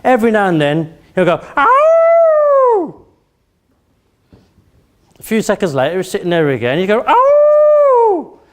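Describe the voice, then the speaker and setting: A man's voice: high voice, animated, racing, few pauses. A man in his forties from Birmingham, with a Birmingham accent, giving a motivational speech to an audience and drawing them in with questions and anecdotes. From Birmingham, England. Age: 40s. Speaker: competition speaker. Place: event hall before an audience.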